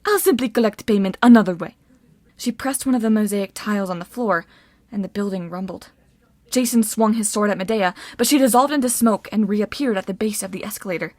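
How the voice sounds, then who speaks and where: Female audiobook narrator, mid-pitched, steady, dry close mic. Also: a little fast, no echo. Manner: steady storytelling.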